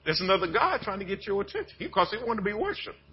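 A man pastor preaching a sermon in a folksy, conversational way, dropping to low murmurs and then building to shouted bursts. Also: very animated, fast, slightly rough, dull audio.

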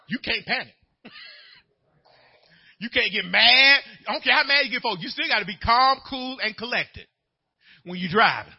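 A pastor preaches in a very high, lively voice, his pitch swinging widely as he slips from a folksy family story into shouted preaching. The recording sounds dull and lo-fi. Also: moderate pace, pauses often, husky. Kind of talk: sermon.

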